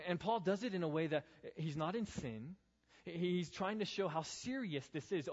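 A man's voice: high-pitched, fairly quick. Earnest young male youth pastor preaching. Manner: earnest, rising to pleading rhetorical questions. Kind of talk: youth group sermon. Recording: dull, reverberant hall sound.

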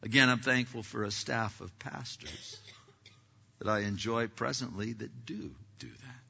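A man preaching a sermon as pastor of his church, talking conversationally and swinging between loud passages and hushed ones. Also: medium pitch, measured pace, vocal fry, husky. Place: church sanctuary. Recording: echoey hall, dull lo-fi sound.

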